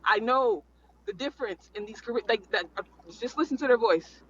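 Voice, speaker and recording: A man's voice: very high voice, animated, a little fast, fairly bright tone, dull audio, a little hiss or hum. A man in a casual panel chat, talking in a rambling, emphatic way and repeating his points.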